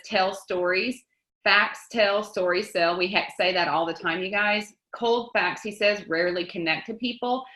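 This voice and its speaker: A woman's voice: lowish voice, sharp tone. Chatty upbeat woman in an echoey room. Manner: chatty and upbeat, quotes often, laughs easily. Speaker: team leader teaching a book study. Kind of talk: casual group coaching talk.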